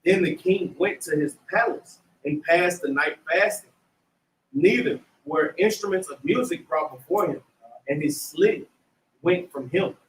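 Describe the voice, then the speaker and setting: A man's voice: fairly high pitch, measured pace, a bit bright. Man reading scripture, echoey and distant. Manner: reads in old-style scripture wording, stopping to chuckle. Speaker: scripture reader in a Bible class. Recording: echoey room, away from the mic.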